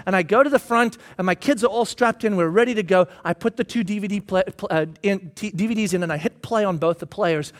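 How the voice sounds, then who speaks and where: A man in his thirties, a pastor telling a self-mocking personal story in a sermon, animated and bursting into shouts when he re-enacts himself. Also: high voice, fast, few pauses.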